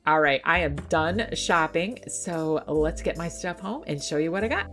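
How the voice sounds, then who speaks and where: In her thrift shopping vlog, a woman with a deep, animated, fairly bright voice muses eagerly about her finds at a moderate pace, with soft music playing in the background. She's winded from loading the car and is indoors at home on a couch.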